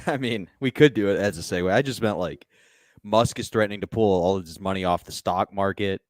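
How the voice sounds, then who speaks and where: A man with a very deep voice talks on a podcast in a relaxed, dry way. The recording is close and dead, with no room sound. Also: a little fast, dry recording. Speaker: podcast co-host. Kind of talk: casual chat.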